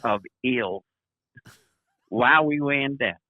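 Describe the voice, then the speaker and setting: A man chatting casually, rough and swearing, heard over a tinny line. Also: mid-range voice, slow. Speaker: guest, former prisoner. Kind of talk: casual chat.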